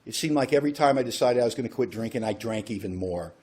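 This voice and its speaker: A man's voice: medium pitch, fast, a little mellow. A man telling his own recovery story to a group, wry and self-mocking, acting out the voices of people he quotes. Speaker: recovery workshop speaker.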